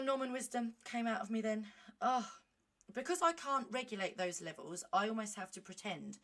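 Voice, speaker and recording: A woman in casual vlog chat, reading a medicine leaflet aloud with animated, self-mocking asides. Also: on the high side, normal speed. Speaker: vlogger.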